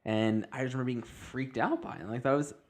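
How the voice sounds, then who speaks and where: A man's voice: mid-range voice, fairly even intonation, brisk. A man hosting a podcast, telling stories in casual chat and acting out what people said. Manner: chatty storyteller, acts out quoted voices. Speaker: podcast host.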